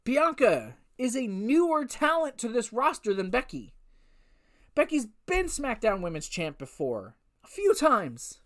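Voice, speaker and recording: Slow-talking woman venting in a casual review. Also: fairly high pitch, very animated. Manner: exasperated ranting with frequent swearing; repetitive restarts and rhetorical questions. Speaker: wrestling show reviewer.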